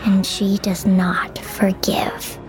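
A woman giving hushed, half-whispered scripted trailer narration. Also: mid-range voice, level tone, takes it slowly, music in the background.

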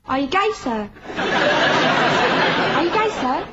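A brash teenage schoolgirl, high and lively, needling and laughing as she talks. The clip sounds dull and lo-fi, with loud audience laughter behind her. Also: extremely slow, over a noisy crowd, very noisy, exaggerated voice. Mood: taunting. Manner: taunting, relentless, laughing. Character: cheeky mouthy teenage schoolgirl. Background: studio audience laughing.

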